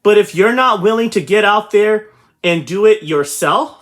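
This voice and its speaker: A man's voice: high-pitched, lively intonation, normal speed, fairly bright tone. A man hosting a real estate channel, giving a motivational talk to his viewers and repeating his points emphatically. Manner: repetitive, emphatic, addresses viewers directly.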